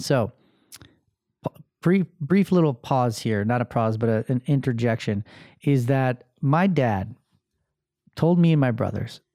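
A man's voice: medium pitch, unhurried, long pauses, no room sound, clean studio sound. A man in his thirties, casually telling a personal story with lots of fillers and acted-out voices. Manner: animated, acts out voices, many fillers. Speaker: podcast host telling a story.

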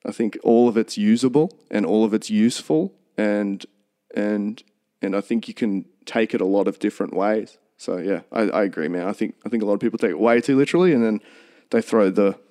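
A man's voice: lowish voice, a little fast, mellow. A man co-hosting a podcast, talking earnestly in a rambling, casual way with many restarts. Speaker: podcast co-host.

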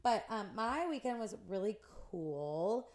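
A woman's voice: medium pitch, takes it slowly. Chatty young woman podcast co-host. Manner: animated storytelling, lots of "like". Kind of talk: casual chat.

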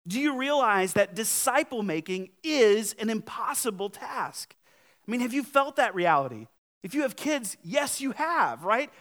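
A man preaching a sermon as pastor, talking to his congregation in a conversational, emphatic way, his loudness swinging widely. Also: high voice.

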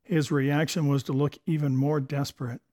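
A man's voice: on the high side, little pitch movement, normal speed, a little mellow. A man reading a short devotional essay aloud for a story podcast, with a storytelling delivery. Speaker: podcast host and reader.

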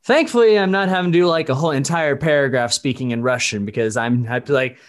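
A Dallas-Fort Worth, USA native, this man is a voice actor interviewed as a guest on a casual podcast. He talks fast at medium pitch with fairly even intonation, rambling in a stop-start manner, self-correcting and laughing often.

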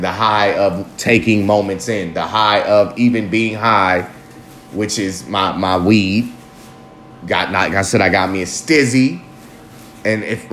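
A man in a casual personal monologue, candid and rambling, swearing freely and jumping up in pitch for emphasis. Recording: echoey room with faint ambient noise.

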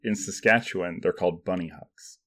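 Western canadian guy on a podcast, real low voice, laid-back and chatty. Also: a little fast, a bit bright. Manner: easygoing, explains things with a laugh. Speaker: podcast guest. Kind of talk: casual chat.

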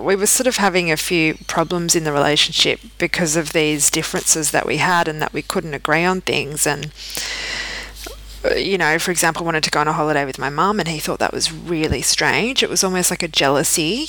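A woman's voice: low-pitched, lively intonation, a little fast, a bit bright, poor audio. A woman, hosting a podcast and candidly telling her own story, often restarting her sentences. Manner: candid, frequent restarts and fillers. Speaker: podcast host. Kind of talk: personal storytelling.

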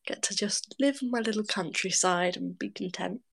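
A young woman with an English accent talks casually on a podcast, a gravelly edge running through her voice. Her voice sounds stuffed up and nasal from a lingering cold, and she laughs easily and makes light of herself. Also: mid-range voice, moderate pace. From England. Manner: chatty, laughs often, self-deprecating. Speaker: podcast guest. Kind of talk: casual chat.

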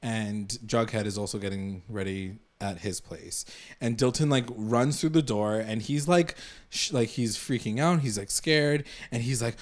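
A man's voice: fairly low pitch, a little slow. A man in casual chat recapping a TV episode, laughing often and acting out characters' lines. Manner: animated, laughs often, acts out quotes.

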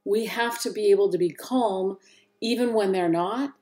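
A woman's voice: medium pitch, normal speed, mellow. A woman hosting a solo parenting talk, speaking earnestly and encouragingly straight to her listeners. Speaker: parenting podcast host.

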